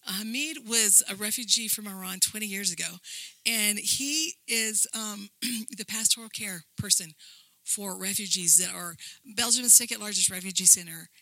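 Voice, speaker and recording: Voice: medium pitch, normal speed, creaky, pushed and bright, dry recording, low-quality recording. A church minister telling a rambling, earnest faith story while presenting slides. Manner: rambling, earnest testimony with frequent restarts. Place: lives in Brussels.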